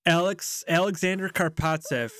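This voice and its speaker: A man co-hosting a casual podcast, telling stories in an animated way and quick to laugh. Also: high voice, no echo, studio quality. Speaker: podcast co-host. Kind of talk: casual hockey podcast chat.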